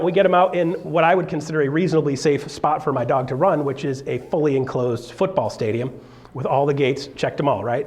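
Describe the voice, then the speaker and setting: A middle-aged man telling a jokey, animated story to a live audience as a real estate speaker, acting out voices as he goes. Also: mid-range voice.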